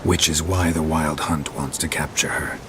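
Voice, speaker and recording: A man's voice: level tone, moderate pace, background noise. An actor voicing a laconic male witcher monster hunter in terse video game dialogue, with heavy rain in the background. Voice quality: very deep, terse. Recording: game audio with loud rain.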